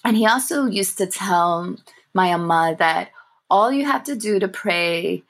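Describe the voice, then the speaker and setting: A young woman, a guest in an interview, telling personal stories in a thoughtful, warm way with soft laughs and pauses. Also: medium pitch, expressive. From grew up in England, family from Sri Lanka. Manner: thoughtful, warm, laughs softly, frequent fillers. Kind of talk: reflective personal storytelling.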